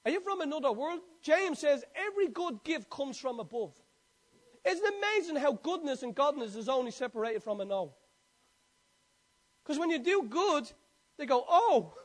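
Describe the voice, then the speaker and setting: High-voiced man preaching. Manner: storytelling, conversational, quotes scripture. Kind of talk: sermon.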